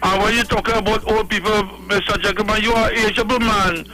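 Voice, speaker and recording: A man's voice: high voice, steady tone, quick pace, rough recording. A man with a Trinidadian accent calling in to a radio show, lecturing another caller and stammering. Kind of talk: call-in radio talk.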